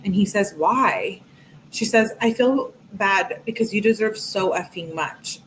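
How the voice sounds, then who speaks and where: A woman's voice: medium pitch, unhurried, a little hiss or hum, rough recording. A woman reading text messages aloud and giving chatty, reflective commentary on a true crime case, with lots of "like" and "um". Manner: chatty, reflective, many fillers like "like" and "um".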